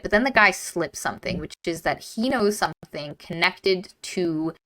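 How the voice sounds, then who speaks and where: A bright-toned woman on a close, dry podcast mic, chatting casually about a book. She retells the story with energy and acts out the characters' lines, swearing as she goes. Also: low-pitched, dry recording. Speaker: podcast co-host. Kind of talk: casual book-club chat.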